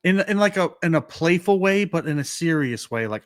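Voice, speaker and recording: A slightly high, slightly fast male voice, recorded dry, belongs to a podcast co-host from New York. He tells his story casually and with animation, voicing the dialogue and dropping plenty of "like" fillers.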